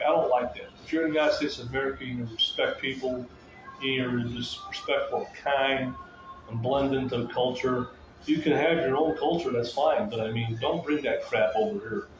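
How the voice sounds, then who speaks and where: Male streamer, agitated and rambling monologue; loud background ambience. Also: mid-range voice, background noise. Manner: repetitive, circling back to the same phrases; agitated, ranting. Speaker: livestreamer talking to viewers. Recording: echoey, muffled, with loud room ambience.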